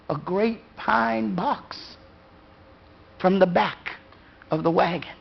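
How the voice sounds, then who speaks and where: A woman storyteller spins a ghost story in a slow, dramatic rhythm and lets long pauses hang. Her voice is gravelly, and the live recording sounds dull and lo-fi. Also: mid-range voice. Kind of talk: spoken ghost story told to a live audience.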